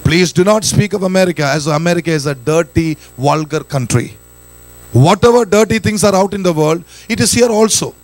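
A man's voice: high-pitched, lively intonation, brisk. A man preaching a sermon in church, emphatic, quoting scripture and acting out people's thoughts. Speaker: pastor.

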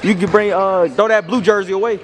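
A young man cheering a basketball team from the sideline, joking and shouting loud encouragement in an indoor gym. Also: high voice, fairly even intonation, a little fast. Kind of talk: casual sideline banter. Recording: noisy crowded gym. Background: crowd noise and bouncing balls.

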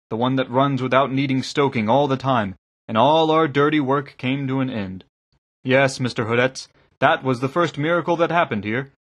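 A man reading aloud, voicing an earnest middle-aged man who preaches gently but fervently to a small congregation. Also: mid-range voice.

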